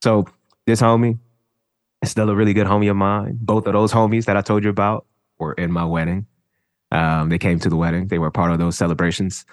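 A man in casual chat as a podcast co-host, talking in a relaxed, reflective way with plenty of slang. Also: deep voice, a little fast, no room sound, studio quality.

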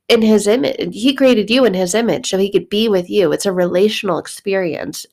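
A woman hosting a podcast, giving earnest, animated devotional teaching in a conversational way. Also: medium pitch. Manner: earnest and animated, with quick asides. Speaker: podcast host.

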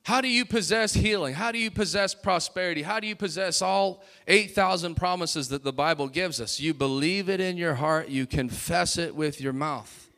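A man preaching a sermon as pastor, calling out to the congregation and building to loud, emphatic bursts. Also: a little high, moderate pace, hardly any pauses.

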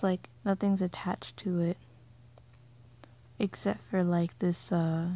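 Young woman rambling slowly thru a dream story, lots of "like", dullish lo-fi sound. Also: mid-range voice, warm tone, dry recording. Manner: rambling, full of filler "like"s. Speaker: vlogger. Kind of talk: casual storytelling. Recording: dull lo-fi sound.

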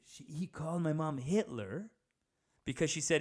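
A young man rambles through a casual comic monologue, animated and loose. His voice sits at an ordinary middle pitch, and he keeps dropping in filler words as he goes. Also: normal speed. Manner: rambling, animated, says dude a lot.

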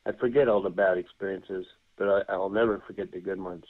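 A man's voice: deep voice, steady tone, brisk. An older retired man calling in to a show, friendly and plain-spoken. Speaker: caller. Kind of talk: phone-in call. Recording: tinny phone line.

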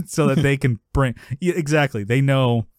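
A man's voice: moderate pace, dry recording, studio quality. A man co-hosting a podcast, chatting casually as he recaps a sitcom episode, laughing often and acting out the characters. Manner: animated, laughs often, acts out characters in a high yelling voice. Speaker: podcast co-host.

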